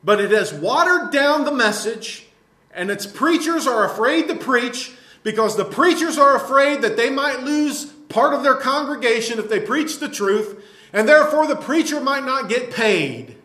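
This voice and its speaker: High-voiced fiery male preacher. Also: lively intonation, moderate pace, sharp tone, reverberant. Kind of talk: sermon.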